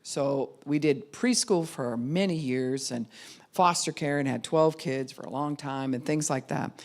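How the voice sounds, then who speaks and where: A woman's voice: sits low, darkish tone. A middle-aged woman pastor giving a conversational sermon, acting out the people she quotes. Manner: conversational, acts out quoted voices. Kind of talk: sermon teaching.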